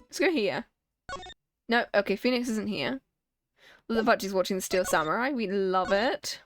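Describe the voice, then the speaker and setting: A woman's voice: medium pitch, expressive, moderate pace. A woman chatting casually through a game stream at home at her desk, goofy and self-mocking. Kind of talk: casual gameplay commentary. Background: game music.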